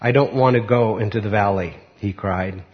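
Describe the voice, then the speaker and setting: Humble storybook tree, read by a man, low, muffled. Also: normal speed, close to an everyday voice. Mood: distressed. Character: humble young tree who wants to point to God. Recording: muffled recording.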